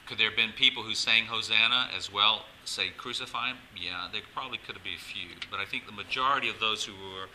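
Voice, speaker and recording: A man pastor giving a lively sermon at a church service, coaxing the congregation to join in. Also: lowish voice, brisk, few pauses, a little hiss or hum, rough recording.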